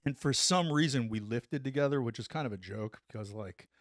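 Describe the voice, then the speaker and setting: A middle-aged man and former soldier telling a story on a podcast, animated, acting out what people said and saying "like" often. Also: medium pitch, a little fast, no echo, clean studio sound. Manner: animated, acts out quotes, says "like" a lot. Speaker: podcast guest, former Army Ranger. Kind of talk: casual storytelling.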